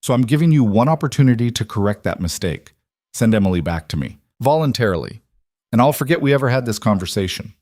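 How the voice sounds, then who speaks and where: A man voicing a cold, educated male crime boss who makes calm, veiled threats in a smooth voice. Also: medium pitch, fast talker, dry recording, studio quality, close to an everyday voice. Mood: menacing.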